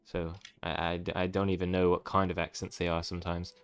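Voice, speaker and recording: A man's voice: sits low, little pitch movement, brisk, clean tone, faint music behind. A man playing his character in a tabletop game, polite and apologetic. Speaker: player. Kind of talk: in-character play.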